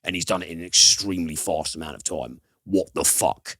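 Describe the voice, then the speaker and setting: A low-pitched man hosts a casual film podcast, walking through a plot in a halting way, full of ums and uhs and the odd swear word. His tone is bright and forceful, and the recording is dry and close with no room echo. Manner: hesitant, filler-heavy plot retelling with casual swearing. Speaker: podcast host, film reviewer. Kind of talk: casual film review chat.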